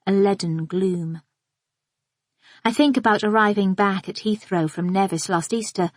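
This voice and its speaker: A woman narrating a psychological thriller in the first person, with a measured, observant and inward delivery. Her pitch sits in the middle range for a woman. The sound is dry and close, with no room in it. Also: no room sound. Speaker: audiobook narrator.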